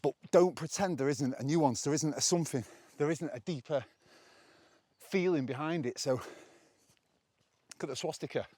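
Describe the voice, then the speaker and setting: A man's voice: a little high, moderate pace, pauses often, darkish tone, no room sound. An English man vlogging outdoors while walking up hills, a little out of breath, chatting casually and opinionated from a handheld camera on a stick. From England. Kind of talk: casual walking vlog monologue.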